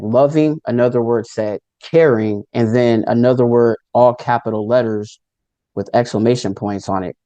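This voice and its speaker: Mellow-voiced man telling his story. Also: mid-range voice, dry recording. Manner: loose storytelling with many fillers and acted quotes. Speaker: near-death experience speaker. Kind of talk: casual personal testimony.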